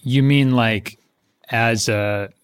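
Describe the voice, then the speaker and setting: Deadpan man, playfully literal answers. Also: medium pitch, extremely slow, clean tone, no echo, studio quality. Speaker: podcast co-host. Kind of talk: improvised comedy podcast chat.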